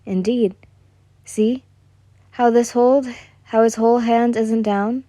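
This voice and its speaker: Woman doing a calm dad explaining stuff slowly, mellow, dry sound. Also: a little high, dry recording. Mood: instructive. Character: calm, instructive father of a young girl.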